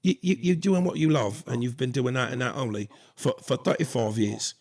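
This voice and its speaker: A man's voice: mid-range voice, lively intonation, fairly quick, darkish tone. A man putting on the voice of an effusive male film director with a British accent, gushing encouragement.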